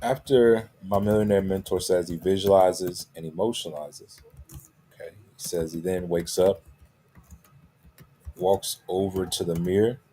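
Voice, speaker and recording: A man with a low, husky voice gives a motivational coaching talk. He leans on repeated key phrases and punctuates nearly every point with "right?" or "okay?". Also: steady tone, a little slow, dark tone. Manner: checks in constantly with "right?" and "okay?".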